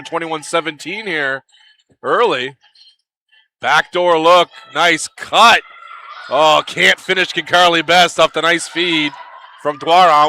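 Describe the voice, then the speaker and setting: Bright-voiced male basketball play-by-play caller. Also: on the high side, slight background noise. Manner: lively and chatty, with excited calls. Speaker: play-by-play commentator. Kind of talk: live basketball commentary.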